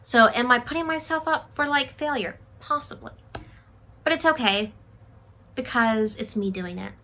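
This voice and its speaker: A woman book vlogger talking through a book haul in a casual, chatty way, excitable and self-deprecating. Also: a little high, normal speed.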